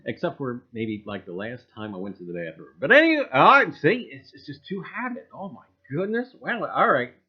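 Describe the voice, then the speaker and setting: A man hosting a casual livestream, rambling and greeting viewers by name with loud cheerful bursts. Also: medium pitch, lively intonation, moderate pace, few pauses, breathy edge. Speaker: livestream host. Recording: dull lo-fi stream audio.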